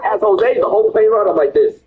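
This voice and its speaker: Excitable young man, lively pitch. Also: fairly quick, gravelly, narrow, tinny audio. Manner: excitable, swearing, stammering repeats. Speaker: streamer telling a story. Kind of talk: casual storytelling.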